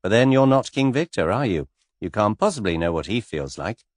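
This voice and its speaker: A man voicing a cool English gentleman suspect, speaking lightly and teasingly in an unhurried way. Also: fairly low pitch, very animated, no room sound, studio quality. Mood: amused.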